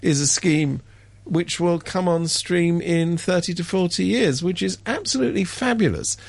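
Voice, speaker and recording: Wry gravelly man on talk radio. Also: normal speed, no echo. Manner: wry, sardonic, mimics others with sudden high pitch jumps. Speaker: radio commentator. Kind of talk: casual radio chat.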